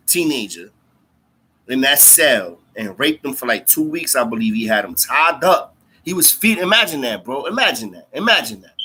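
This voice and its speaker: Profane, bright-voiced man telling a story. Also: mid-range voice, husky. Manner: profane street slang, calls listeners bro and twin; animated, repeats lines for emphasis. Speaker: livestream host talking to viewers. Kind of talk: casual storytelling chat.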